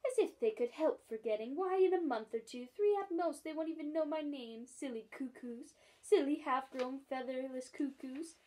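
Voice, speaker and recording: A woman's voice: high-pitched, animated, moderate pace, mellow. A woman voicing a cheeky, chatty old male starling with a perky, wheedling manner in a storybook reading. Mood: mocking.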